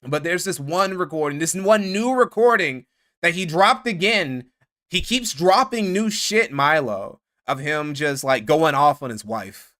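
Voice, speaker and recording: Man streamer, casual profane commentary, bright sharp voice, slightly high. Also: expressive, a little slow. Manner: profane, mocking, thanks donors.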